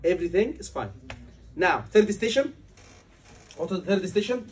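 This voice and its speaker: A man's voice: high voice, animated, normal speed, darkish tone, far from the mic, a little hiss or hum. A man, tutoring a class for a medical exam, emphatic and repeating key words over and over. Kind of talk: classroom lecture.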